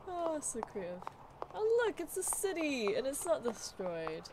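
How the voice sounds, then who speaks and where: A woman's voice: sits high, heavy background noise. A woman streaming a horror video game live, commenting expressively, swearing and gushing.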